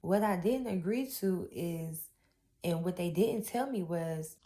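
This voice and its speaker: Slowly and mellowly, a young woman with a fairly low voice shares an emotional personal testimony about her own pain. She speaks rawly and from the heart, with casual grammar in a Southern style.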